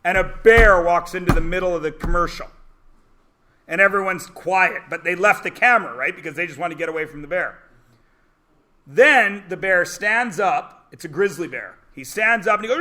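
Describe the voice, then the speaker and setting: A man teaching a math class, animated and joking, explaining word problems and telling stories to his students. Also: high-pitched, normal speed. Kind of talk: classroom lecture.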